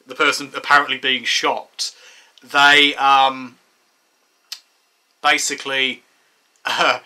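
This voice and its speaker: A man's voice: mid-range voice, level tone, takes it slowly, sharp tone. Laughing man telling a story. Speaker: discussion participant. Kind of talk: casual discussion.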